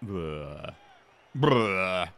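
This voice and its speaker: Man, casual gamer, bright and animated, laughs a lot and talks through his plays. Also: low voice, extremely slow, a faint crowd, slight background noise. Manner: chuckling, muttering his moves aloud. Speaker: gamer playing against a friend. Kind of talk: casual gameplay chat.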